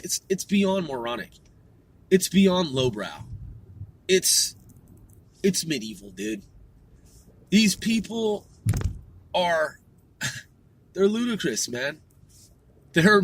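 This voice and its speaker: Guy ranting, swears a ton, says dude a lot, kinda high voice, bright. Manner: crude, swearing, repeats "dude" and "like"; swings from muttering to shouting. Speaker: political commentator. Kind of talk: profane rant.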